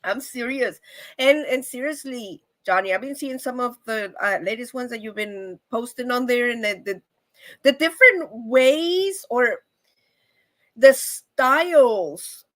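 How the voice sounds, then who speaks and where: A woman's voice: a little high, unhurried. A bubbly, effusive woman hosting a casual live stream and chatting with viewers. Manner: bubbly and effusive, with frequent laughs. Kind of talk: casual live chat reading viewer comments.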